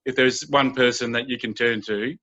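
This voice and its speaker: A man speaks as a mentor in a calm, steady conversational manner. His voice is bright and forceful. The audio is dull and lo-fi. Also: medium pitch. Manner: steady and unhurried, often acting out quoted dialogue. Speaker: youth mentor and guest speaker.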